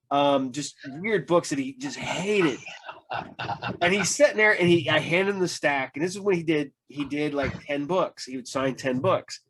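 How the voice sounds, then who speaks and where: Man, podcast host, fairly high voice, casual chat, rambling anecdotes, lots of fillers, acts out quotes. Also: fairly bright tone.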